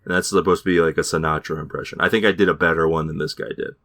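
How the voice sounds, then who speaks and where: A deep-voiced man rambles through a show recap on a podcast, now and then slipping into mocking voices for the characters. His voice sits very low, and the sound is close and dry. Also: steady tone, racing, fairly bright tone, no room sound. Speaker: podcast host. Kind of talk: casual chat recapping a TV show.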